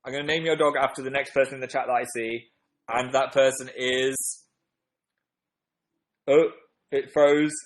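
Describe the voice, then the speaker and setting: A man's voice: medium pitch, steady tone, normal speed, long pauses, rough recording. A young man hosting a casual livestream, reading viewer comments in a playful, self-deprecating, rambling way. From northern England. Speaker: livestream host.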